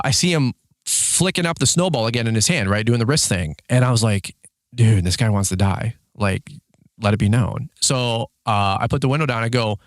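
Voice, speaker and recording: A man in his thirties tells a rambling story to the camera in a casual vlog. He fills his speech with "like" and "dude" and jumps up in pitch whenever he acts out someone yelling. His voice sits at an ordinary middle pitch and sounds dry and close. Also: dry recording. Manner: animated storyteller, acts out shouted quotes in a higher voice; heavy use of filler words like "like" and "dude". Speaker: lawn care business owner.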